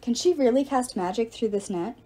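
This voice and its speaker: A woman's voice: on the high side, animated, brisk, warm tone. Woman doing a blunt, grim teen boy. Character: blunt stocky teenage boy.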